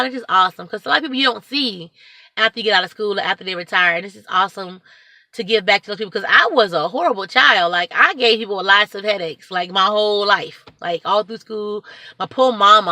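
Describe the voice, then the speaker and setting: A woman who volunteers at a church food pantry, talking to camera in a chatty, excitable, rambling way. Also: mid-range voice, dry recording. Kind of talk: casual talk to camera.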